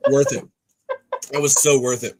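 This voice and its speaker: A man's voice: medium pitch, level tone, normal speed, background noise. A man hosting a podcast, rambling and swearing freely as he sets up and narrates a script read-through.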